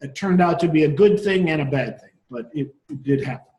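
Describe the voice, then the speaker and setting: A man delivers a conference presentation in a loose, conversational way, often restarting his sentences. His voice sits a little high yet sounds mellow. The room around him is echoey. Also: a little fast. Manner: conversational, with frequent restarts and fillers. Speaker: marine surveyor speaking at a workshop.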